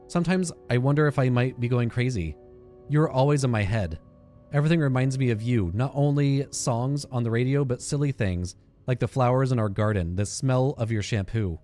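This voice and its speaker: A man hosting a game playthrough, reading in-game letters aloud with fillers and self-corrections. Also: a little mellow. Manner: reads aloud with frequent fillers and restarts, drops into a low aside. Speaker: gaming channel host.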